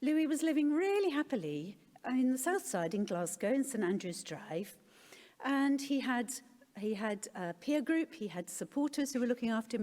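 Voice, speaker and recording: A middle-aged woman gives an honest personal talk at a conference, joking wryly about herself. Her voice is a little high with a darkish tone. The recording has the long reverb of a large hall.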